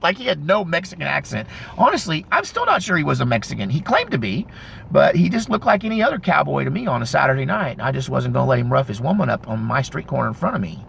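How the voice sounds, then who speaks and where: A man in his fifties telling a story casually, in a rambling, animated way with frequent self-corrections. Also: fairly high pitch, fast, creaky, slight background noise. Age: 50s. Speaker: vlogger.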